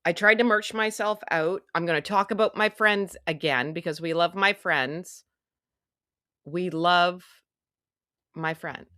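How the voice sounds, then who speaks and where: Woman, low voice, dry close sound, chatty, self-mocking livestream host. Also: a little slow, sharp tone, no echo. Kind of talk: casual livestream chat.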